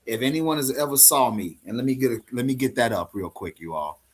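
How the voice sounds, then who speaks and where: A man's voice: medium pitch, lively intonation, brisk. A man teaching a live online congregation, teasing and scolding members in fun, then rambling on.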